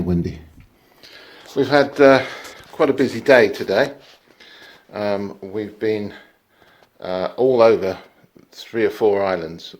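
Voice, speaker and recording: A man's voice: sits low, darkish tone, breathy edge. A man chatting casually in a travel vlog, rambling a little with fillers as he talks. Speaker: sailing vlogger. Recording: light background noise.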